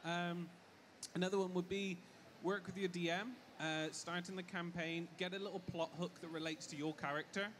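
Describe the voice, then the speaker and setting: A man's voice: high voice, fairly even intonation, normal speed, a bit bright, a little hiss or hum. A man on a live convention panel, giving tips in a casual, earnest way. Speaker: panelist and player. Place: on stage at a comic convention panel.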